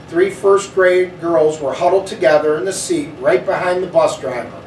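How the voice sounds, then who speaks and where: Expressive man reading a storybook, higher voice, echoey room, faint ambience. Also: moderate pace, few pauses, a little hiss or hum. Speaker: school superintendent reading a children's book. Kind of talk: storybook read-aloud. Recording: echoey room, slightly distant mic.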